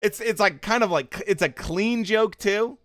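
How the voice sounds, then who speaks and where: A man hosting a livestream watchalong, talking loosely with chat and reacting to what is on screen. His voice sits a little high and sounds bright and crisp. It is recorded close on a dry mic with no room sound. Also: unhurried, dry recording. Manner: chatty, reacts to chat and the show with loose fan talk. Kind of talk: casual livestream commentary.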